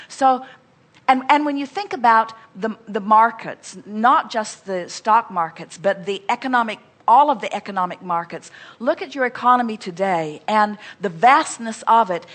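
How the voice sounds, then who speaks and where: A woman's voice: fairly high pitch, fairly bright tone. A woman at a live seminar who speaks for a collective "we" and answers audience questions with emphatic, rhetorical flourishes.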